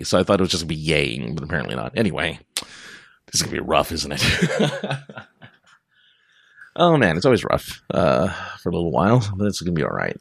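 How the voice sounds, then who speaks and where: A deep-voiced man hosts a podcast alone, talking in a loose, rambling way that drifts from tangent to tangent. His pitch swings widely as he goes, and he laughs often. The sound is dry and close. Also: creaky, dry recording. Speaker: podcast host. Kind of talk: casual rambling monologue.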